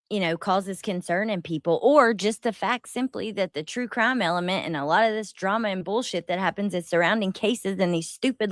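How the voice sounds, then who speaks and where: Over a headset with no echo, a woman in a mid-range voice hosts a laid-back commentary stream. She reacts by rambling, laughing often, and cursing without restraint.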